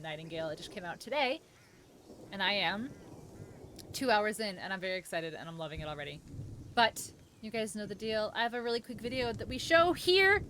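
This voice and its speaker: Lively chatty woman streamer. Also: on the low side, a little hiss or hum. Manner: chatty, rambling, jokey, swears casually. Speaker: variety game streamer. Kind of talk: casual live-stream commentary. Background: game music.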